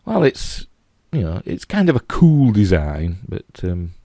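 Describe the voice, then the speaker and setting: Deep-voiced Yorkshire man rambling casually. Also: wildly swooping pitch, unhurried, dark tone, no echo, clean studio sound. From Yorkshire, England. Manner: rambling, lots of "you know" and restarts. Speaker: TV episode reviewer. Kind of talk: casual spoken review.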